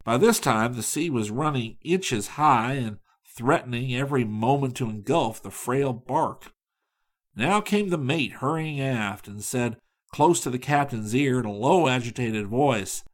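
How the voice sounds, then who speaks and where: Man narrating an audiobook, measured read. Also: mid-range voice.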